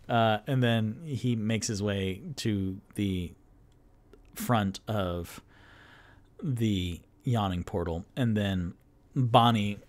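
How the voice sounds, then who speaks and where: A man's voice: lowish voice, drawn-out words. A man narrating a solo tabletop game as game master, meandering with many fillers.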